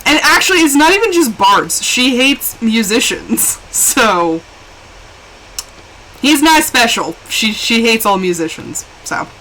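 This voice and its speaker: A woman's voice: fairly high pitch, slow, slight background noise, low-quality recording. A young woman chatting casually and animatedly while live-streaming a game. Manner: chatty and animated, with laughs and exclamations.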